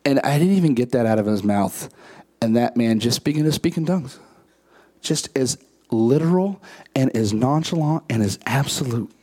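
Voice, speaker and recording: Male preacher, mid pitch, sermon storytelling, animated, voices the quotes low. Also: normal speed, slightly rough. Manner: animated, rises to high emphatic peaks; acts out quoted dialogue in a lower, quieter voice.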